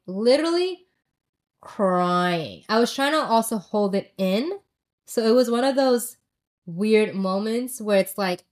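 Chatty young woman telling a story. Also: mid-range voice. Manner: chatty and candid, with many "like" fillers. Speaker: vlogger telling a personal story. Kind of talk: casual confessional storytelling.

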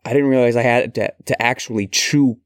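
A man's voice: mid-range voice, fairly quick, clean tone, no room sound. Podcast cohost guy, dead dry sound, groans and laughs a lot. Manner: animated disgust, laughs a lot. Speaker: podcast co-host. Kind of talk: casual podcast chat.

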